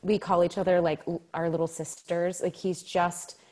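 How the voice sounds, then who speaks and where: Woman, somewhat low pitch, actor guest, storytelling interview, animated, laughs often, acts out quotes. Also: normal speed.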